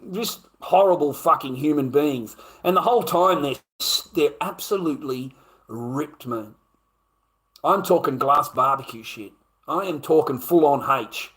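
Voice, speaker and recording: A man's voice: high voice, a bit bright. A man, talking straight to his viewers in a live stream. He rambles bluntly, swears constantly and laughs often as he goes along. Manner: blunt, heavily profane, rambling with frequent laughs.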